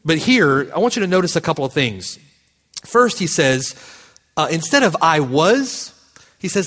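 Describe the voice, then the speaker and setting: A man's voice: a little high, sing-song, normal speed, fairly bright tone. A man preaching a sermon as pastor, speaking with impassioned, building emphasis.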